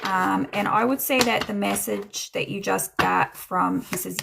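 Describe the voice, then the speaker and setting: A woman doing a casual livestream tarot reading, chatting to viewers and dropping into soft muttered asides. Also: mid-range voice, steady tone, measured pace, gravelly, hardly any pauses, noisy background. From Newfoundland, Canada. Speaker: tarot reader and medium.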